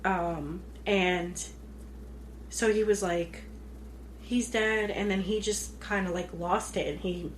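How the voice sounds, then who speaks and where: A woman's voice: medium pitch, steady tone, slow pace, a little hiss or hum. A woman co-hosting a podcast, chatting casually about a film and acting out the characters' lines as she retells it. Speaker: podcast co-host. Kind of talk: casual chat recapping a film.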